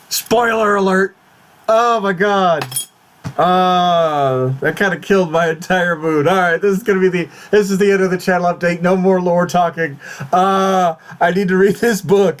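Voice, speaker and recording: A man runs his own YouTube vlog in a high-pitched, fairly even voice, speaking unhurriedly. Casual yet fretful and exclamatory, he swears a lot and repeats and restarts words in agitation.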